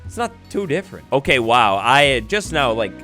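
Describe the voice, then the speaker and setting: A young man giving excited blind-reaction commentary on a video game, swinging between hushed awe and loud exclamations. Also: mid-range voice, moderate pace, faint music behind. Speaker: gaming YouTuber.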